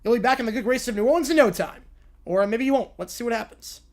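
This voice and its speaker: Man, streamer, narrating, playful, animated asides. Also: very high-pitched, fast talker. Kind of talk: live-stream reading and reacting to a story.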